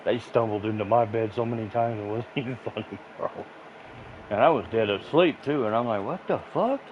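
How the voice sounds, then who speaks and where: A man's voice: on the low side, steady tone, fairly quick. A man telling crude, rambling stories between bursts of laughter while he plays a game, swearing freely. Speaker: gaming streamer. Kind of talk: casual profane storytelling while gaming. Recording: muffled lo-fi with noisy background.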